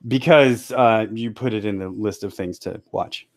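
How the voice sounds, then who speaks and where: A man's voice: fairly low pitch, moderate pace. A man co-hosting a casual livestream, laughing often and dropping dry quips. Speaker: livestream co-host.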